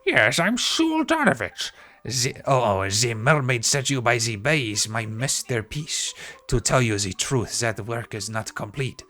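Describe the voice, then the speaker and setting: A man's voice: mid-range voice, big pitch swings, a little slow, sharp tone. A man voicing a pompous male sculptor in a video game, putting on a clumsy fake French accent. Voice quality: fake French accent slipping toward Scottish.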